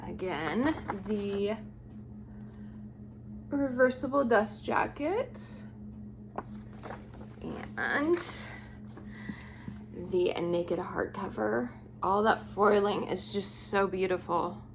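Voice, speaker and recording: Slow-talking woman gushing over books. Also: mid-range voice, lively intonation, creaky, background noise. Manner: gushing, unhurried, admiring each book aloud. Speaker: book vlogger. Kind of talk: casual book haul show-and-tell.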